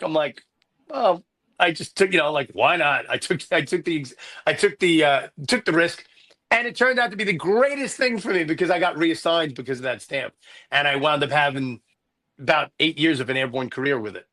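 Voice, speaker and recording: A man in his fifties, an Army chaplain and priest, telling stories in an animated, self-deprecating way. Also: on the high side, moderate pace. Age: 50s. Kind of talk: conversational storytelling.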